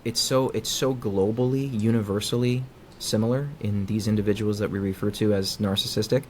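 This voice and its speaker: A man, a psychologist being interviewed, explaining in a conversational way and acting out quoted dialogue with lively inflection. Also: fairly low pitch, fairly quick, a little hiss or hum. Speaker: guest psychologist.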